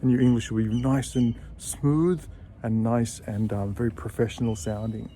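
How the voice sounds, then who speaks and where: Guy teaching english pronunciation, slow careful repeats, bit of faint noise behind. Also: mid-range voice, steady tone, mellow. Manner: patient, repeats example phrases slowly. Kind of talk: video lesson. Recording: faint background noise with birdsong.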